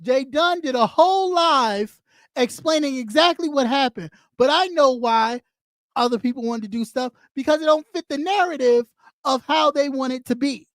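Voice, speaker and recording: A woman's voice: sits high, normal speed, dry recording, clean studio sound. A woman hosting a live stream, talking bluntly and profanely as she scolds her audience and repeats lines for emphasis. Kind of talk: ranting live stream commentary.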